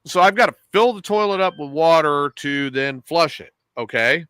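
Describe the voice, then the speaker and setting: A man's voice: a little high, animated, moderate pace, pushed and bright, clear, resonant tone, no room sound. A man chatting casually on a podcast from his RV, laid-back and blunt. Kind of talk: casual chat.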